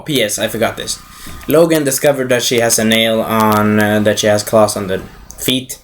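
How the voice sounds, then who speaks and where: A man's voice: mid-range voice, slight background noise. A man giving a casual, rambling movie recap, swearing freely, correcting himself as he goes and acting out the scenes. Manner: restarts and self-corrections. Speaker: movie reviewer.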